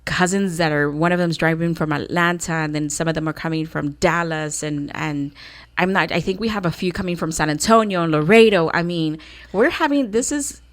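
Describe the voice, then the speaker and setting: A woman's voice: sits low, fairly quick. A woman in her thirties, co-hosting a radio podcast in casual chat, rambling with lots of fillers and restarts. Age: 30s. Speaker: podcast co-host.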